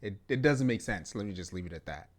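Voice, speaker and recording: A man co-hosting a podcast in casual chat, talking in an animated, emphatic way and laughing often. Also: lowish voice, quick pace. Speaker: podcast co-host.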